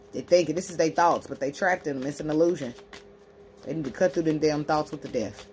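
A woman's voice: low-pitched, a little fast, slight background noise. A woman giving a tarot card reading, talking to the viewer in a brash, profane, emphatic way. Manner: animated, acting out imagined speech in a sassy tone. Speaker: tarot reader and spiritual healer.

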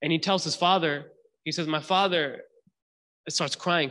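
A man hosting a podcast conversation, telling a story in an animated way and acting out quotes with Arabic phrases mixed in. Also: on the high side, moderate pace, big-room sound. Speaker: host.

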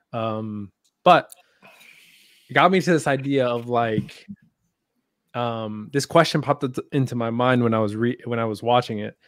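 A man's voice: medium pitch, no echo. A man co-hosting a casual livestreamed podcast, thinking aloud in a loose, hesitant, profane way. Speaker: podcast co-host posing the question.

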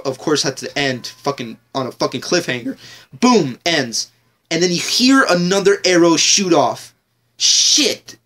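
A man's voice: high voice, fairly bright tone. A man ranting casually in a TV episode review vlog, rambling, joking and swearing heavily.

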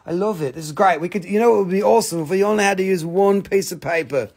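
A man's voice: high-pitched, fast talker, darkish tone, slightly rough. A man casually hosting a live crystal sale, joking and swearing. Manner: joking, profane, rambling. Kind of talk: casual live-stream sales chat.

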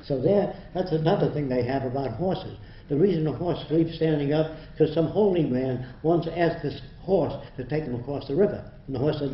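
A man's voice: fairly high pitch, moderate pace, a little hiss or hum. Older man lecturing in a hall, blunt and scoffing, muffled and roomy recording. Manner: blunt, mocking, laughs at his own jokes. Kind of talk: public lecture. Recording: dull echoey hall recording.

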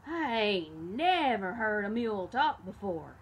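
A woman voicing a gruff, stunned middle-aged farmer in a folk tale, drawing out each word. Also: sits high, big pitch swings, takes it slowly, a little hiss or hum, voice pushed up, heavily acted.

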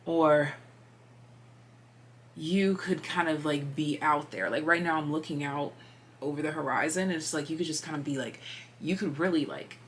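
A woman's voice: deep voice, normal speed, a little hiss or hum. A woman giving a casual tarot reading, chatty and meandering, full of fillers, sometimes dropping to a whisper. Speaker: tarot reader.

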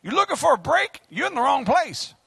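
A middle-aged man, preaching a fiery sermon as pastor, joking and then shouting his exhortations. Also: very high voice, very animated, a little fast, creaky, no room sound.

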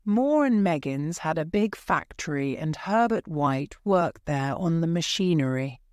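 A woman reads a graded storybook aloud in a slow, careful, clear way. Her voice is on the low side and the recording is close and dry. Every word comes out steady and unhurried. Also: no room sound. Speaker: narrator. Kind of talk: scripted storybook narration for learners.

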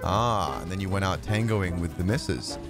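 A man's voice: low-pitched, moderate pace. A young man hosting a gaming video, bantering teasingly with strangers and laughing often. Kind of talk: casual gameplay banter with strangers. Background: background music.

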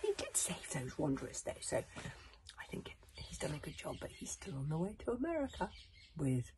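Expressive woman reading a children's book. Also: deep voice, normal speed. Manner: expressive, drops to whispers, laughs at slips and adds asides. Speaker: reader.

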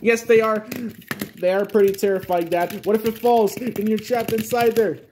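Man doing a jittery young son, high voice, stammers, scared of tight spaces. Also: steady tone, normal speed, a little mellow, a little hiss or hum, lightly acted. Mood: fearful. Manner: anxious, stammering restarts.

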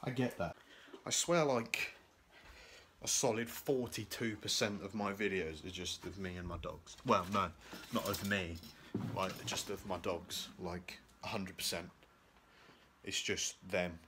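A young man with a low voice talks at a measured pace with fairly even intonation. He's vlogging casually around his home, inside and outside, rambling and making fun of himself with plenty of fillers. The handheld camera, at arm's length, captures a noisy background.

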